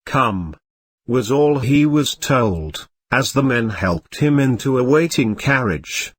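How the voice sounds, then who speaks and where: Slow, lively-voiced male storyteller. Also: medium pitch, breathy edge, no room sound. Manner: measured storytelling, voicing characters with light shifts. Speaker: narrator. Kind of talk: audiobook reading of a classic novel.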